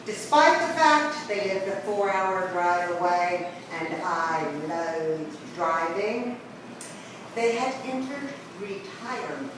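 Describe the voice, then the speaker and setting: A woman's voice: on the low side, expressive, slow. A middle-aged woman telling a personal story with wry, dry humor. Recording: echoey room from a distance with background noise.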